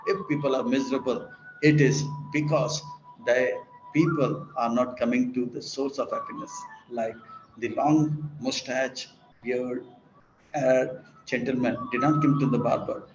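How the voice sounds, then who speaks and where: Slow, deliberate male spiritual teacher. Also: medium pitch, darkish tone. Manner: slow, deliberate, with long pauses. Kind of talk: sermon storytelling. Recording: dull, echoey room with faint noise.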